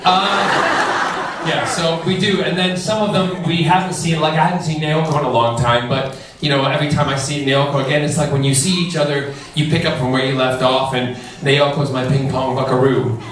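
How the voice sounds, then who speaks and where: Man, camp and theatrical, comic storytelling, slightly high, distant mic, noisy echoing hall. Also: fairly even intonation, moderate pace. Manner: camp, playful, laughing, theatrical. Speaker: convention panel guest. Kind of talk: comic storytelling at a fan panel. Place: large convention hall. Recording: echoey hall, distant mic, loud crowd.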